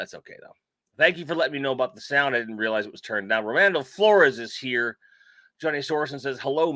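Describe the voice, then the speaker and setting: A man's voice: mid-range voice, no room sound. A man hosting a casual toy collecting livestream, joking and swearing as he reads out viewer comments. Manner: joking, profane, animated banter.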